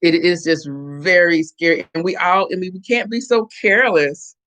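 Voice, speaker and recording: A middle-aged woman hosting a casual live chat, animated and chatty as she reacts to viewer comments. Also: lowish voice, moderate pace. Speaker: host.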